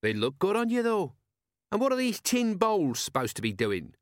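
A man's voice: sits high, wildly swooping pitch, normal speed, no room sound, voice pushed up. Blustering middle-aged sergeant, voiced by a male narrator, raised and common, dry read. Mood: grumbling.

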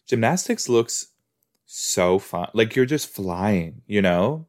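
A man casually reacting to a TV episode as a podcast host, rambling and excitable, often cutting himself off mid-thought. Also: on the low side, normal speed, vocal fry. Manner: rambling, excitable, self-interrupting.

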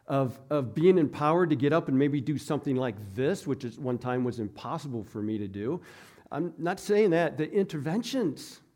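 Male pastor, mellow voice, chatty storytelling sermon. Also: mid-range voice. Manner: conversational, self-deprecating storytelling.

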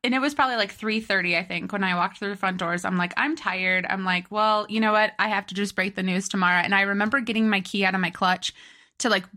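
Bright, animated young woman storyteller. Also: mid-range voice, fast talker. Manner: animated, laughing, acts out quotes loudly. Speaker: podcast co-host. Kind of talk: casual storytelling chat.

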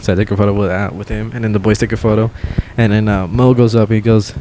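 A young man co-hosting a podcast, telling a story in casual chat, swearing and loudly acting out what people said. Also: fairly low pitch, quick pace, slight background noise. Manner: animated, swears a lot, acts out quotes loudly. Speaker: podcast co-host.

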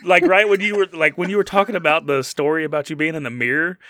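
A man's voice: fairly high pitch, fairly even intonation, quick pace, bright, forceful tone, no room sound. A man hosting a casual podcast chat, loose and joking, laughing often. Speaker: podcast host.

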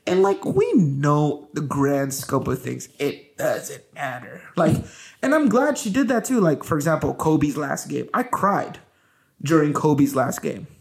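A man hosting a podcast, chatting casually with his wife in an animated way, laughing and filling his talk with "like" and "you know". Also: a little high, measured pace, creaky. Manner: animated, laughing, loaded with fillers. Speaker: podcast host.

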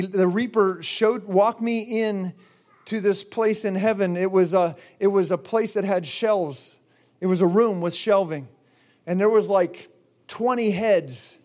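Fervent high-voiced male preacher. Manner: fervent, exclamatory, with shouts and laughs. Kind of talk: charismatic sermon.

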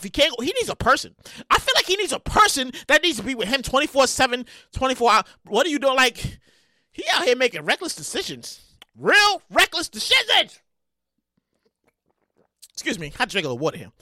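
A male podcast host rants loudly and restlessly through comedic commentary, repeating himself, swearing freely, and bursting into shouts. His high, bright voice swings widely in pitch, captured on a close, dry-sounding mic.

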